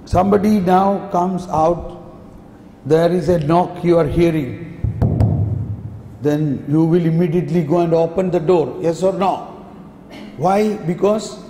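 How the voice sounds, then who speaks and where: A man preaching at a retreat, slow and emphatic, often asking his listeners yes or no. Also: sits high, dark tone. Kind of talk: sermon. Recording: echoey hall, faint background noise.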